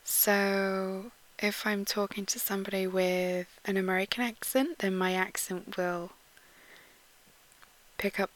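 A woman from Yorkshire with a posh English accent, chatting in a casual audio post and reading out word lists, often dropping to a soft whisper and giggling between words. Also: medium pitch, steady tone, measured pace, poor audio. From Yorkshire, England. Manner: giggly, with frequent ums.

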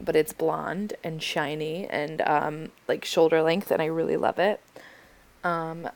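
A young woman from the United States chats through listener questions late at night, sounding worn out and yawning between thoughts. Her voice sits a bit low with a gravelly fry. She hesitates constantly, filling gaps with ums and likes. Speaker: audio creator answering listener questions. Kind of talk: casual Q&A chat.

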